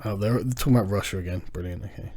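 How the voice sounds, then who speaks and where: Male channel host, mellow low timbre, swears freely, sarcastic and heated in a loose livestream rant. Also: racing, husky. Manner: profane, sarcastic, animated.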